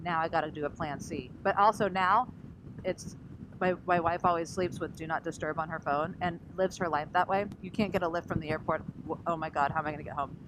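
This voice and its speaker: Lowish woman's voice, chatty vlog story, does the other people's voices, noisy with car sounds behind. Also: brisk. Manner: animated, acts out other people's lines. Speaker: vlogger. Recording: noisy recording with vehicle sounds.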